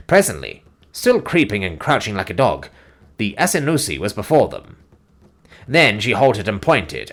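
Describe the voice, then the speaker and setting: A man giving a dramatic, highly expressive scripted audiobook narration.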